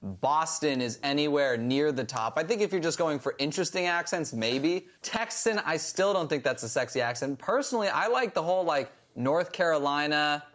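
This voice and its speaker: A mid-pitched man with a slight Valley accent banters as a chat show co-host. He jokes his way through long, rambling anecdotes and drops "like" often. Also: lively intonation, normal speed, hardly any pauses, fairly bright tone. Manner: joking, rambling anecdotes, lots of "like". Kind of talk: casual chat.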